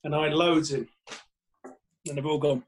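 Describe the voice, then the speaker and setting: A man's voice: a little high, steady tone, moderate pace, slight background noise, poor audio. A man, a comedian guest on a podcast, telling rambling anecdotes in casual chat with plenty of swearing.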